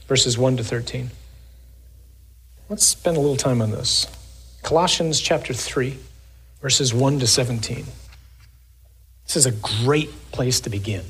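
A man giving a sermon, reading scripture slowly and then talking in a casual, joking way. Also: mid-range voice, a bit bright, slightly rough. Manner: reads scripture slowly, then jokes conversationally.

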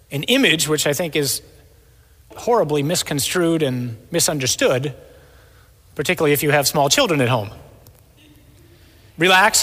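A man's voice: fairly high pitch, pushed and bright, breathy edge. A man giving a sermon, asking questions and answering them himself with emphasis. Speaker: preacher. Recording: long reverb in a large hall.

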